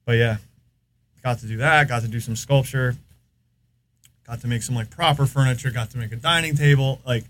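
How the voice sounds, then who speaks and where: A man's voice: mid-range voice, steady tone, a little fast, long pauses, a bit bright. A man with an American accent, a podcast guest, telling long rambling stories in casual chat. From United States. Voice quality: rambling, filler-heavy storytelling.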